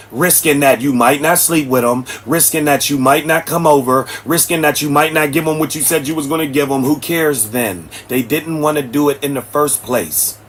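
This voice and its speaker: A man's voice: fairly high pitch, slight background noise. A man, hosting a livestream and preaching bluntly at his chat. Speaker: livestream host. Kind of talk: ranting livestream commentary. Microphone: streaming setup mic.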